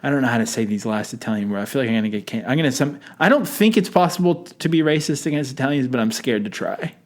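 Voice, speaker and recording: A man's voice: mid-range voice, lively intonation, fast. Rambling joking male podcast host. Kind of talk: casual chat.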